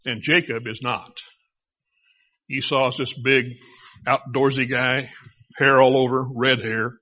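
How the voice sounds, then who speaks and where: A middle-aged man preaching a sermon, retelling a story in a conversational, animated way. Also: medium pitch, a little slow. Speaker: pastor. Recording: dull lo-fi recording.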